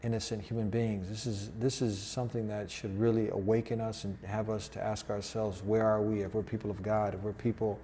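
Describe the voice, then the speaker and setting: Male host, mellow dark voice, earnest commentary on news. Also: lowish voice, little pitch movement, brisk, few pauses, a little hiss or hum. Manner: earnest, preaching tone.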